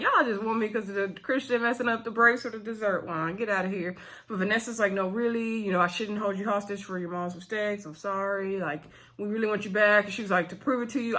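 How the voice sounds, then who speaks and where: Woman, TV episode reviewer, casual chatty recap, bright tone, quick character voices when quoting. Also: mid-range voice. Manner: talks straight to viewers as "y'all".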